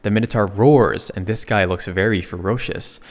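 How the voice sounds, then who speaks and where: A man's voice: lowish voice, normal speed, big-room sound. A man narrating a comic recap in a casual way, slipping in joking asides.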